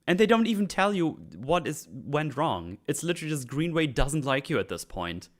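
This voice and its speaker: A man hosting a casual gaming chat, retelling game scenes with animated, acted-out voices. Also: fairly high pitch, normal speed. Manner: animated storytelling, acts out game characters. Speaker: podcast host.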